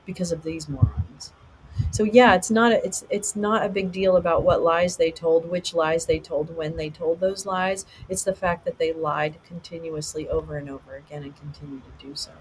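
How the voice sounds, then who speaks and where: A woman's voice: deep voice, fairly even intonation, moderate pace, slight background noise, rough recording. A woman hosting a casual livestream, talking bluntly and ranting with plenty of profanity. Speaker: livestream host.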